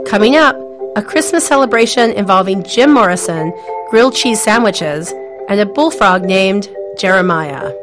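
A woman hosting a radio storytelling show, reading calm, measured introductions. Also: mid-range voice. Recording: radio host over music and applause.

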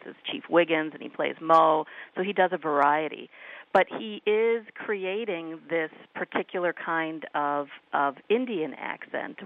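A guest commentator on a radio talk show explaining in a measured way, with fillers. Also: medium pitch, no echo. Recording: tinny phone line.

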